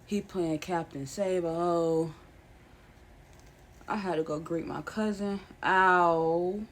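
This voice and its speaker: A woman's voice: fairly low pitch, steady tone, takes it slowly. A young adult woman, a vlogger, talking to camera in a chatty, slangy, playful way. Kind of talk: casual vlog chat.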